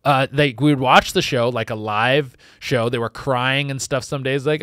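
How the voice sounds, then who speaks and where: A man doing a rambling comedic monologue as host, acting out quick voices as he goes. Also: mid-range voice, dry recording, studio quality. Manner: rambling, animated, acts out voices.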